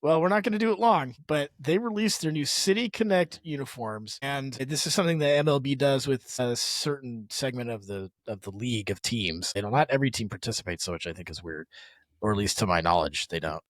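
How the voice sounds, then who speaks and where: A man's voice: medium pitch, a little fast, no room sound. Dry-miked laughing podcast co-host man. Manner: laughs often, animated storytelling. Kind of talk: casual chat.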